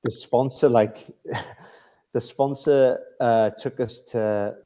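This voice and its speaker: A man's voice: mid-range voice, fairly even intonation, slow, mellow. A middle-aged British man telling hockey stories as a podcast guest, rambling with many restarts and laughing at his own tales. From Britain. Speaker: podcast guest, former ice hockey captain. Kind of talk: casual storytelling chat.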